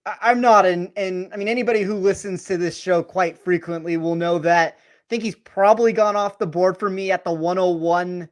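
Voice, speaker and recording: A man on a casual live sports chat, giving measured, thoughtful takes. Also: sits high, fairly even intonation. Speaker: fantasy golf analyst.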